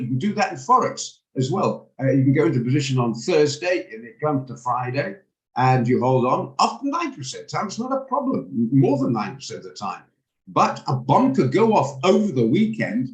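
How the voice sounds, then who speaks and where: A man with a hoarse, gravelly voice teaching a live online trading lesson, explaining things patiently and often repeating or restarting words. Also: medium pitch. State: hoarse, gravelly voice while recovering. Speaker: trading instructor. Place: home room on a video call. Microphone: video call microphone. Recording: echoey room on a video call.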